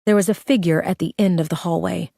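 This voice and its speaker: A woman's voice: lowish voice, fairly even intonation, fairly quick, vocal fry, mellow, dry recording, clean studio sound. A woman narrating a thriller audiobook with a tense, urgent reading.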